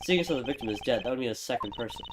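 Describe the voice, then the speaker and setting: A man voicing a calm, composed male prosecutor who explains his reasoning in a measured, quiet way. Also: medium pitch, noisy background, natural voice. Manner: measured, quiet, self-assured.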